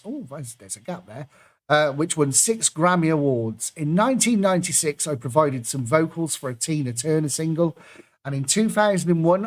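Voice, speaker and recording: A man hosting an online pub quiz from his computer, reading out clues and laughing at his own slip-ups. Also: on the high side. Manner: self-deprecating, chatty, fumbles and laughs at own mistakes. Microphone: computer microphone.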